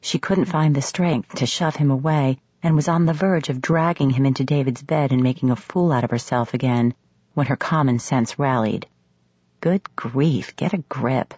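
Audiobook narrator: woman, low husky voice, measured sultry romance reading, dry and slightly dull audio. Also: dark tone, no room sound. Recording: slightly muffled studio audio.

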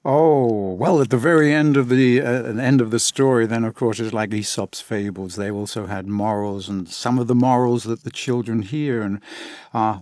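Chatty English audiobook narrator. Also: male voice, on the low side, normal speed, darkish tone, no echo. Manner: enthusiastic, chatty, frequent fillers. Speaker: audiobook narrator, interview guest. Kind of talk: casual interview answers.

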